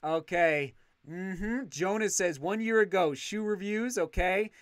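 Livestream host, male, effusive and excitable; smooth, resonant tone. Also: sits high, slow, no room sound, clean studio sound. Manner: excitable, effusive thanks, frequent restarts. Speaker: channel host reading live chat. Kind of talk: casual livestream chat.

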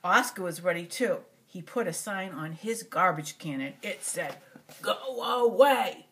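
An older woman reading a picture book aloud to a child, animated and stopping often to talk to the little one. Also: on the low side, moderate pace, a little hiss or hum.

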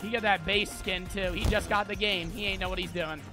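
Slangy, high-voiced young man streaming. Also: fairly quick. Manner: slangy, excitable, swears often. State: out of breath. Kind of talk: casual gaming commentary. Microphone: headset. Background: game music.

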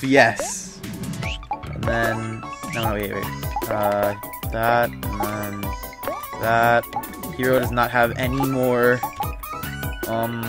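A young man with a mid-range voice narrates his live playthrough. He rambles, restarts his sentences and jokes at his own expense. Game music plays clearly underneath him. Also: medium pitch. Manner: rambling, thinks aloud with frequent restarts; casual slang, self-mocking. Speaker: streamer. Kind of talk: live gameplay commentary.

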